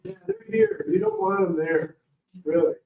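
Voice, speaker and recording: Man telling stories to a crowd, lively and meandering, recorded from a distance. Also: high voice, normal speed, vocal fry, noisy background. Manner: rambling, animated, anecdotal. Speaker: guest speaker, morel hunting champion. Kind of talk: casual storytelling talk to an audience. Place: library meeting room. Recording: roomy, distant, dull room recording.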